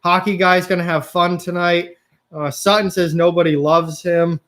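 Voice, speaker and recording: A young man with a high, light voice hosts a live stream. He chats casually with viewers, answering their comments one by one. He grumbles openly about how badly his game picks are going. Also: flat delivery, normal speed, fairly bright tone. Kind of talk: live reaction stream chat.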